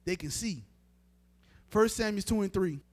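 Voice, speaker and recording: A man's voice: sits high, animated, measured pace, darkish tone. A man preaching a sermon in a casual, emphatic way, speaking straight to his listeners. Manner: informal, emphatic, talks straight to the crowd. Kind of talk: street-style sermon teaching.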